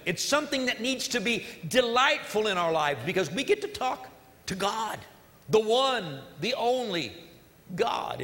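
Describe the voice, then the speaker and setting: A man's voice: high-pitched, pushed and bright, long reverb tail. A male pastor preaching a sermon in an earnest, emphatic way, repeating key phrases, during a church service.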